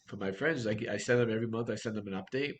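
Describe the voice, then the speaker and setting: A man's voice: lowish voice, rapid-fire. A man coaching real estate agents in a workshop talk, blunt and direct, firing off rhetorical questions.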